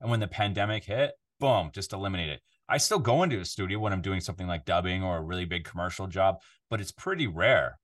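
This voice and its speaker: Low-voiced Canadian man chatting casually. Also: fast talker, few pauses. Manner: rambling, restarts often, animated when telling stories. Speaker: podcast guest, voiceover artist. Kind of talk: casual interview chat. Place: home recording studio control room.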